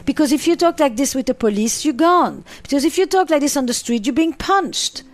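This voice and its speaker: A woman's voice: high-pitched, lively intonation, a little fast, no room sound, faint music behind. A middle-aged woman psychotherapist answering interview questions, driving points home with repeated phrases and lists.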